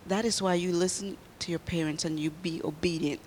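Animated woman telling children a sermon story. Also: lowish voice, fairly quick, big-room sound, a little hiss or hum. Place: church.

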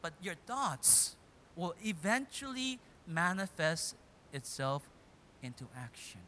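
A man preaching a sermon, retelling a story dramatically and swinging between loud and hushed delivery. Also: sits high, big pitch swings, takes it slowly, slight background noise.

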